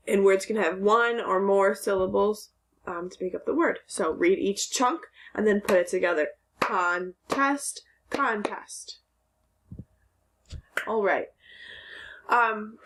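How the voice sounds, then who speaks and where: A woman teacher giving a recorded phonics lesson for young children, patiently sounding out words syllable by syllable. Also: mid-range voice.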